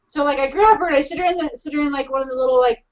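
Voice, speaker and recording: A woman co-hosting a podcast, telling a crude story in casual chat with an animated, laughing delivery. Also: high-pitched, racing. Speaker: podcast co-host. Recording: dull lo-fi podcast audio.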